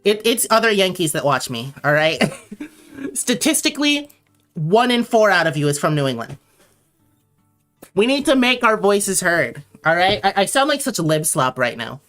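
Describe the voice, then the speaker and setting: A woman's voice: lowish voice, very animated, normal speed, a bit bright, faint music behind. A young woman from Connecticut chatting casually on a late-night drawing livestream, rambling and answering viewers as she reads their messages aloud. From Connecticut, USA.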